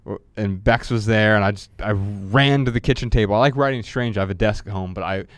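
Middle-aged guy cohosting a podcast, smooth clear voice, dry close sound, tells stories and reads aloud. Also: fairly low pitch, brisk, dry recording. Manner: animated, mixes storytelling with reading his own writing. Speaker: podcast co-host. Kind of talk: casual podcast conversation and reading aloud.

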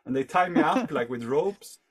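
A man's voice: on the high side, animated, moderate pace, slightly rough. A man telling a long story in casual conversation, rambling and leaning on fillers. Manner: rambling, heavy on fillers like "like" and "you know". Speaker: podcast guest.

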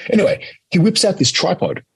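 A young Australian man, an interview guest, telling a lively casual story and acting out quoted lines. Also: high voice, brisk, vocal fry, breathy edge, no room sound, rough recording. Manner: animated anecdote-telling, acts out quotes. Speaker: interview guest, competitive eater.

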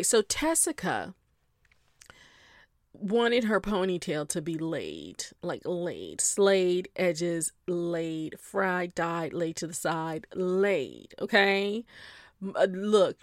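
A woman's voice: lowish voice, lively intonation, slow, dry recording, clean studio sound. A middle-aged woman hosting a podcast, chatting in a playful, casual way straight to her listeners. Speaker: podcast host. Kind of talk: casual chat.

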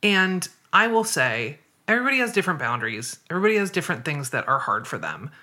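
Talking fast in a low, sing-song voice with a sharp tone, this woman hosts a casual podcast chat on body image. She lays out her views thoughtfully step by step, frequently asking "right?".

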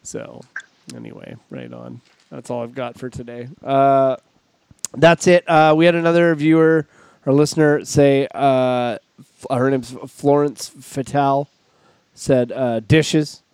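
A man's voice: mid-range voice, takes it slowly, creaky, darkish tone, clear, resonant tone, no room sound. A man hosting a casual comedy podcast, telling rambling, self-mocking stories. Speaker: podcast host.

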